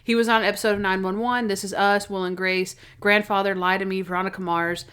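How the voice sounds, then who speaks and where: Woman co-host, casual and chatty, rambles with quick asides, mid-range voice. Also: mid-range voice, flat delivery, fairly bright tone, smooth. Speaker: podcast co-host. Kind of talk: casual chat.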